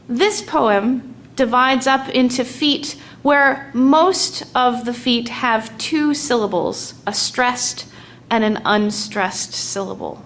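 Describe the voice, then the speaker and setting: A woman with a fairly high voice explains poetic meter in a slow, measured lesson, sounding out the strong and weak beats one by one. A faint hiss of background noise sits under her voice. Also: fairly bright tone. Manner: slow and deliberate, tapping out stresses aloud. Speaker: teacher.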